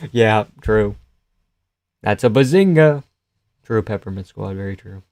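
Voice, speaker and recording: A man hosting a live fight-reaction stream, chatting loosely and profanely with his viewers and often trailing off quietly. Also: on the low side, expressive, unhurried, dry recording, studio quality. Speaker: live-stream host reading chat.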